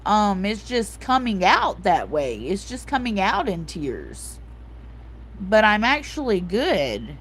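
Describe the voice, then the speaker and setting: A woman in her forties talks slowly and openly to her live chat, leaning on "like" and "um" as she goes. She comes across as soft-hearted and emotional, and now and then she stops to read out and answer a viewer's comment. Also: medium pitch, very animated, a little hiss or hum. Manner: repeats herself, fillers like "like" and "um". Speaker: livestream host. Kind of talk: casual live-chat talk.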